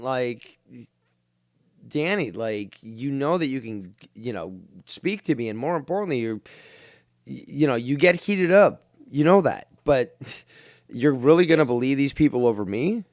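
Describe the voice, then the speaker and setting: A man's voice: mid-range voice, lively intonation, a little slow, darkish tone, dry recording, studio quality. Blunt, lecturing call-in host, a man. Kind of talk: casual call-in chat.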